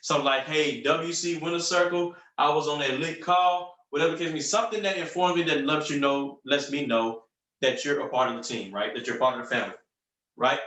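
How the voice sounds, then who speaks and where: A man's voice: a little high, fairly quick, a bit bright, recorded from a distance. A man coaching a group call in an upbeat, punchy way, repeating phrases for emphasis. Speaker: sales coach. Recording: roomy, from off the mic.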